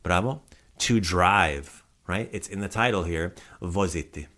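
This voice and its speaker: Podcast host, male, fairly low voice, casual patient vocabulary drills. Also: measured pace, sharp tone. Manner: patient, repeats words for the listener to echo. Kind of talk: casual language lesson.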